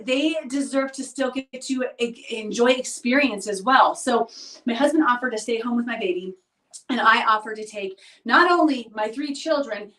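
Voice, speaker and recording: Woman, thirties, confiding vlog monologue; higher voice, recorded from a distance in an echoey room. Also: a bit bright. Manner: earnest, confiding, often asks "right?". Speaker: vlogger. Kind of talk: reflective personal monologue. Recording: roomy echo, distant mic.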